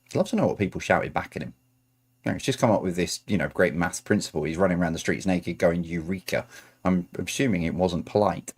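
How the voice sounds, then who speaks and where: A man's voice: low voice, fast talker, breathy edge. A man reading out quiz answers as host, adding chatty, self-correcting asides.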